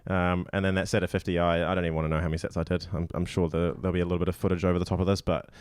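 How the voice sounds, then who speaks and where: Man, fairly low voice, dry close sound, emphatic teasing chat. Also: little pitch movement, very fast, clean tone, no echo. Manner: teasing, emphatic, prone to restarts. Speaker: podcast co-host. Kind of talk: casual chat and leaderboard breakdown.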